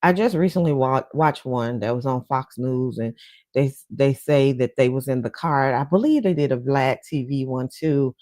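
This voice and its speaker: Her bass voice is warm and moves at a normal speed, with no room sound, as she hosts a livestream talk show. She chats casually and gossipily with her viewers, laughing between points in a relaxed commentary style.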